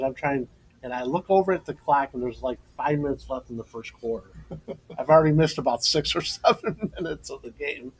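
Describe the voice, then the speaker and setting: A man's voice: fairly high pitch, husky, rough recording. A middle-aged man, co-host and former coach, telling stories in a casual podcast chat, laughing often and turning emotional in a tribute.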